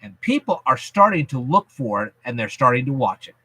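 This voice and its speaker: A man's voice: mid-range voice, big pitch swings, a little fast, sharp tone, slight background noise. A man hosting a casual vlog, explaining things to his viewers in a folksy, chatty, emphatic way. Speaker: YouTube channel host.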